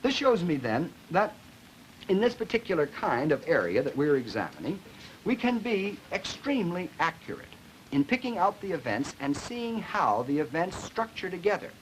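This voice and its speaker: Man, lecturer, demonstrates vocal sounds, animated delivery, old film soundtrack. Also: fairly high pitch, moderate pace, slight background noise, low-quality recording. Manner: demonstrates sounds and drawls while explaining. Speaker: linguistics lecturer. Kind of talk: classroom lecture with spoken demonstrations.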